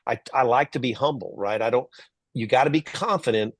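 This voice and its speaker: A middle-aged man from Texas telling stories as a guest in an interview, lively, acting out the voices of people he quotes. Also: mid-range voice, brisk, no echo. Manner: animated storyteller, acts out quoted voices. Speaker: guest, entrepreneur and author. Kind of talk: storytelling interview.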